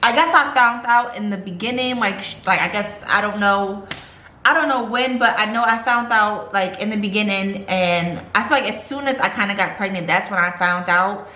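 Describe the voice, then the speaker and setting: A woman's voice: medium pitch, moderate pace, bright, forceful tone, roomy sound, a little hiss or hum. A young woman vlogging a casual storytime, rambling and chatty with lots of fillers.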